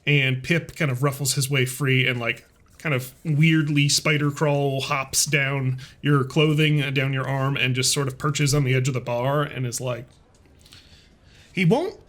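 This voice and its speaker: A man's voice: medium pitch, steady tone, measured pace, a bit bright. A man narrating as game master in a tabletop game, casual and amused, with many fillers.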